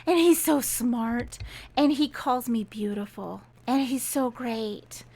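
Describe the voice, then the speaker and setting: A woman's voice: a little high, takes it slowly, darkish tone. Woman doing a gushing brash young mercenary woman. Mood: giggly. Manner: gushing, bold.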